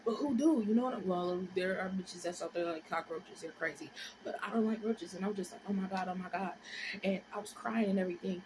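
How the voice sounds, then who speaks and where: A woman in her twenties tells a story on her vlog, animated and profane, dropping into whispers and rising into shrieks. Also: medium pitch, a little fast, few pauses, noisy background. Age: 20s. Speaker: vlogger.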